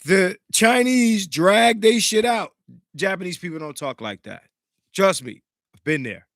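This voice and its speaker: Male podcast host, fairly high voice, dry close mic, animated and profane, slightly stuffy. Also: measured pace, no room sound. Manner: animated, profane, greets live chat viewers. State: slightly congested. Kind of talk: casual commentary chat.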